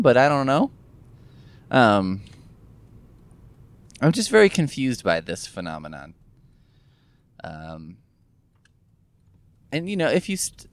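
A man's voice: mid-range voice, very animated, unhurried, gravelly, long pauses. A man talking casually to camera in a rambling, musing monologue, sore from recent gum surgery, swearing offhandedly as he thinks aloud. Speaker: vlogger. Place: in a car.

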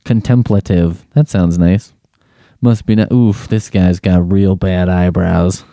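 A man's voice: low-pitched, steady tone, slow pace, warm tone, no room sound, clean studio sound. A man hosting a comedic solo podcast, giving crude, sarcastic and exasperated running commentary as he takes a quiz. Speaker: podcast host.

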